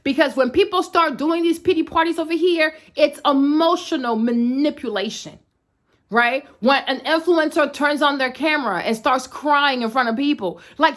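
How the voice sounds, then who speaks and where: A woman's voice: high-pitched, fairly bright tone. A young woman fitness influencer giving a blunt, slangy rant straight to camera, tagging her points with "right?". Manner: emphatic, repeats "right?" tags, slangy and sassy.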